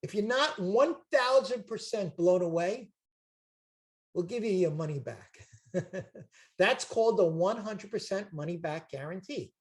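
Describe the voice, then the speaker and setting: A man's voice: sits high, animated, unhurried. Emphatic older salesman. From Brooklyn, New York. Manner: emphatic, repetitive, jokey salesman patter. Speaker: chiropractic seminar promoter. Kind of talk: salesy coaching pitch on a video call. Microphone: video call.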